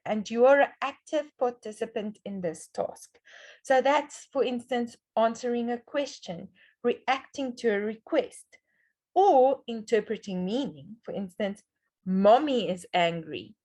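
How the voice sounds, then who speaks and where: Woman presenter, slightly high, checks in with "okay". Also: darkish tone. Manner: explains step by step, often checks in with "okay". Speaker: webinar presenter on children's reading. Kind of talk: explaining a slide lesson.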